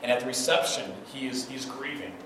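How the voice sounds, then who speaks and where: Pastor preaching in a booming hall. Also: male voice, brisk. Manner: conversational, asks the listeners "right?". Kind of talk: sermon. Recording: far from mic in an echoey hall, noisy.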